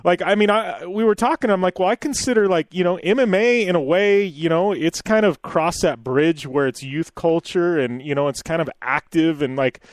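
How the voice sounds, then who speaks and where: A man's voice: high-pitched, moderate pace, few pauses, no room sound. An American man hosting a radio show, chatting in a rambling way with frequent laughs and fillers. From United States. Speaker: radio host. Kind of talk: casual radio chat.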